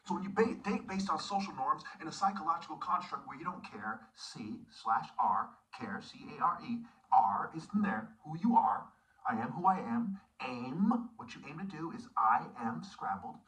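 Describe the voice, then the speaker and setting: Intense self-styled preacher, man, slightly high and bright, preachy with whispered asides, distant mic. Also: animated, moderate pace. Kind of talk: online sermon monologue.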